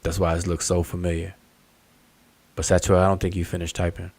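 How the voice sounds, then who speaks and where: A man's voice: sits low, completely flat delivery, a little fast, a little mellow, no room sound. A man hosting an online study group hangout, explaining patiently and thinking aloud over a video call. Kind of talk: casual online hangout discussion.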